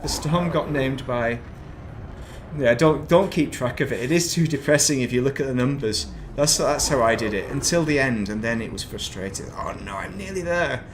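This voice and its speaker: A gaming streamer with a medium-pitched voice chats casually at a normal speed while playing, drifting off on tangents and making self-deprecating jokes. A close desk mic picks him up over a faint hum of ambience.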